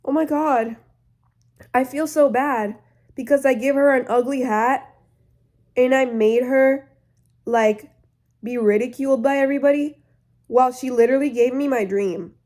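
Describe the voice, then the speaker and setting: Teen girl doing a shrill, dramatic young witch in a storytime retelling. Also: a little slow, long pauses, a little mellow. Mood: guilty. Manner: squealing, high-pitched gush. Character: dramatic gushing teenage girl witch, Glinda.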